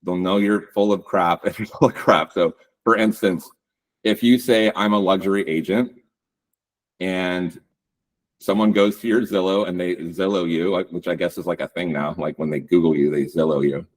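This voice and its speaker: A man giving a casual webinar talk on real estate branding, relaxed and loose with lots of ums and likes. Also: sits low, normal speed. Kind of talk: webinar presentation.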